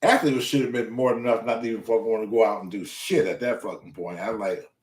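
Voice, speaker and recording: A man hosting a show, telling a story in casual, profane speech and acting out the quotes. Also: quick pace. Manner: animated, profane, acts out quotes with loud pitch jumps. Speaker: show host. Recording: echoey room.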